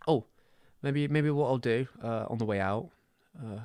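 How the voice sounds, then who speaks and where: At a moderate pace, this mellow, medium-pitched male voice comes through a dry recording. It belongs to a young West Country streamer from Southwest England who rambles and pokes fun at himself during casual chat on a close mic.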